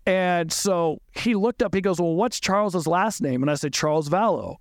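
A middle-aged man with a high voice tells a painful story in a halting way, restarting and repeating words. His voice climbs further when he gets upset. The recording is dry and close. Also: dry recording. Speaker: podcast guest recounting events. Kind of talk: emotional personal recollection.

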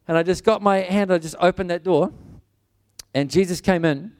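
A man's voice: high voice, normal speed, a little mellow, smooth. A man preaching a sermon, telling a personal story in an earnest, conversational way with frequent restarts.

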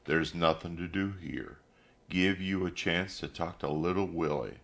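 A man voicing a gentle father laid up with a broken leg, speaking softly, in a storybook reading. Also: very deep voice, fairly even intonation, a little slow, gravelly, heavily acted. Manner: gentle, soft.

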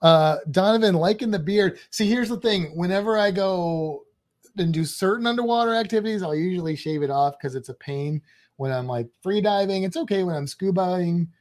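A man's voice: high voice, normal speed, darkish tone. A man co-hosting a podcast live stream, chatting casually, joking and reading out viewer comments. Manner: chatty, jokey, reads chat comments aloud. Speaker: podcast co-host.

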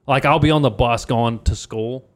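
A young man from Louisiana tells a story in loose, rambling podcast chat, swearing freely and leaning on fillers. His voice sits at an ordinary middle pitch. The talk stays casual and unpolished throughout. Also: normal speed. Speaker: podcast guest comedian.

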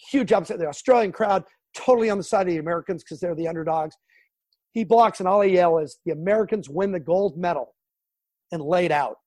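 A middle-aged man from Southern California, a sports broadcaster telling animated stories in an interview. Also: high-pitched, no room sound. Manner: animated storyteller, acts out quotes and sounds. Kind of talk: storytelling interview.

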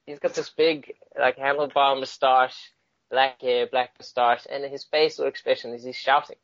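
A man's voice: medium pitch, little pitch movement, moderate pace, fairly bright tone, no echo, highs cut off. Enthusiastic, rambling man host. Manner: enthusiastic, laughs often, rambling. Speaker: podcast co-host. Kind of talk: casual chat.

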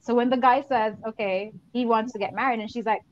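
A woman's voice: on the high side, steady tone, fairly quick, dull audio. A woman guest in a casual panel discussion, stammering on restarts as she reasons her points through. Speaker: podcast guest.

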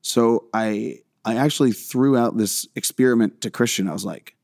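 A low-voiced man talks loosely as a guest on a podcast, swearing casually and circling back on his sentences. The sound is dry and close, with no room around it. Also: moderate pace, darkish tone, no echo. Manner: rambling, profane, self-deprecating, many restarts. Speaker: filmmaker guest.

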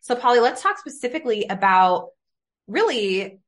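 A woman's voice: on the high side, very animated, moderate pace. A woman hosting a faith and business podcast, talking in an enthusiastic, chatty way full of "like". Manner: enthusiastic, chatty, uses many fillers like "like". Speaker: podcast host. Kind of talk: casual podcast conversation.

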